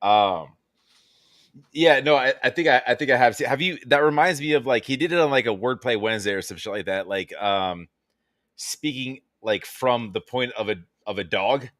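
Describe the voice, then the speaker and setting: A man's voice: medium pitch, normal speed, fairly bright tone, no room sound, studio quality. Loose, rambling male stream co-host. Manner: rambling, lots of fillers and swearing. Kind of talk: casual chat.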